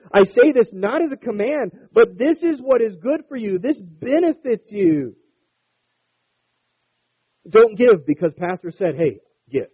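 A man's voice: high voice, husky. A man preaching an earnest sermon as pastor, reading scripture aloud and urging his listeners. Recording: dull, dry lo-fi recording.

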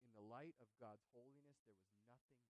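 A man preaching a sermon, swinging between hushed, soft passages and loud, emphatic calls. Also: mid-range voice, a little fast, rough recording. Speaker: pastor.

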